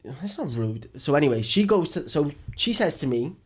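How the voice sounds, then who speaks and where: A man's voice: on the high side, sing-song, normal speed, breathy edge. A young man, a podcast co-host rambling through a funny story in casual chat. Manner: rambling storyteller, jokey, acts out dialogue.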